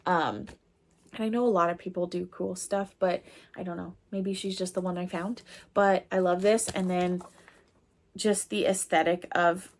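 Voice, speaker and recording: A young adult woman who makes crochet things, chatting casually to camera in a rambling way with lots of fillers. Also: on the low side. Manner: giggly, laughing hard. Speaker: crochet designer and vlogger.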